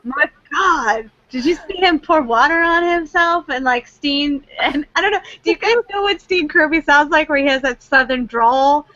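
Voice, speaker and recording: A woman co-hosting a comedic webcast, playful and teasing with animated asides. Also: high voice, moderate pace, few pauses. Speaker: co-host. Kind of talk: casual comedic chat. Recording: dry, dull lo-fi webcast audio.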